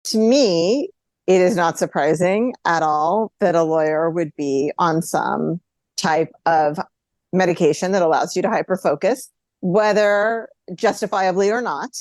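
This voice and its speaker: A woman's voice: fairly low pitch, unhurried, a little mellow, no echo. A woman who works as a litigator, co-hosting a podcast and commenting wryly on a TV series. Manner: wry, incredulous commentary. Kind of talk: casual TV recap chat.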